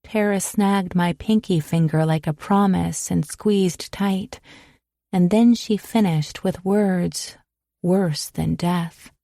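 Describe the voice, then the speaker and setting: A woman's voice: on the low side, slow pace, creaky, warm tone, no room sound, studio quality. A woman narrating a first-person romance audiobook in an emotional, intimate way.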